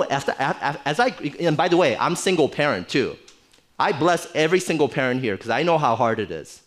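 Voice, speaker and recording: A middle-aged man preaching a sermon in a church, conversational and animated, with playful asides. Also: a little high. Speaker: pastor.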